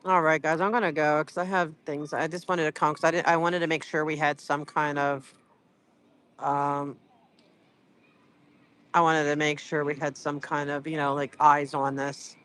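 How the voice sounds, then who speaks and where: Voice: medium pitch, level tone, moderate pace, a bit bright, smooth. A livestreamer chatting casually with viewers from a street event, rambling and teasing, full of filler words. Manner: rambling, full of "like" and "you know".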